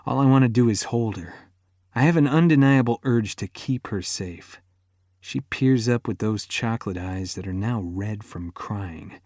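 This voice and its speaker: A man's voice: on the low side, a little slow, darkish tone, no room sound, clean studio sound. A man narrating a romance audiobook in the first person, intimate and emotive, sinking almost to a whisper in tender moments.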